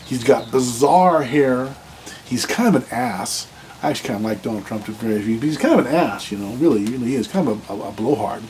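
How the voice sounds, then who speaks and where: A blunt man giving dating advice in a loose, unscripted monologue, with a voice of ordinary middle pitch. He rambles and often restarts his sentences, stumbling over repeated words as he goes. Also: lively intonation, a little fast, a little mellow, slight background noise, poor audio. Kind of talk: casual monologue to camera.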